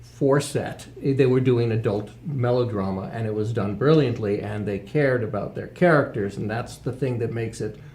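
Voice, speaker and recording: A man, a guest animation writer, answering interview questions in a measured, thoughtful way. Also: medium pitch, a little mellow.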